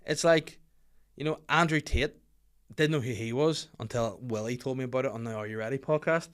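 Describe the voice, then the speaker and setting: A young adult Northern Irish man hosting his own podcast, chatting casually with swearing and animated, rising rants. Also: a little fast, clean tone. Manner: swearing, animated rants that swing loud and high. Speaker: podcast host and comedian. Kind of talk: casual solo podcast chat.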